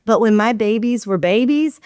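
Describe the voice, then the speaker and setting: Smooth-voiced woman guest, earnest and measured. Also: a little high, lively intonation, a little mellow, dry recording, studio quality. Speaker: author and guest. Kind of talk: conversational interview.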